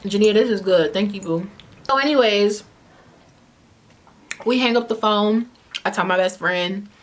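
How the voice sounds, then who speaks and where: A woman's voice: mid-range voice, a little slow, slight background noise. Chatty young woman spilling a story. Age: 20s. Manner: chatty, animated, heavy use of "like" and "you know what I'm saying"; eats while talking at times. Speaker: vlogger telling a story. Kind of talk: casual story time.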